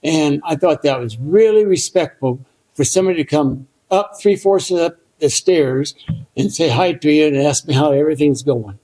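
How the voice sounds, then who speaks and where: A man's voice: a little high, normal speed, mellow, poor audio. A man sharing a memory at a ceremony in a hotel ballroom, sincere and plain-spoken.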